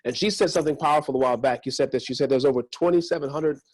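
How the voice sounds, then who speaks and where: A man's voice: medium pitch, very fast, low-quality recording. A man hosting an interview who reacts eagerly and talks with many restarts and repeated words. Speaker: interview host. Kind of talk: casual interview talk.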